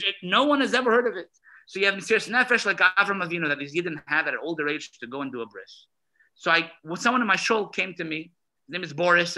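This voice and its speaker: A man's voice: fairly high pitch, pushed and bright, poor audio. A man, a rabbi, telling a story at a gathering, acting out the dialogue with emphasis. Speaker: emissary rabbi. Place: synagogue gathering hall.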